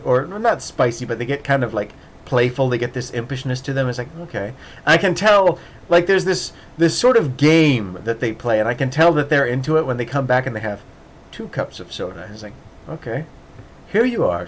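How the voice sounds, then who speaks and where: With slight noise in the background, this medium-pitched man hosts a podcast and spins a casual, meandering story. He keeps restarting, laughs a lot, and acts out the voices of the people he quotes.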